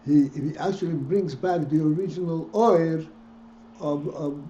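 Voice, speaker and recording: With a slightly high yet dark-toned voice and a measured pace, a man teaches Hasidic texts as a rabbi. His speech is marked by frequent restarts and rhetorical questions for his students. Faint noise and a dull echo color the recording.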